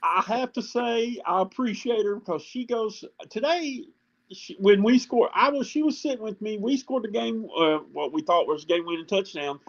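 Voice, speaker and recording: Man, guest, higher voice, animated storyteller, muffled lo-fi audio. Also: normal speed. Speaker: guest coach. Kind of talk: casual talk show chat.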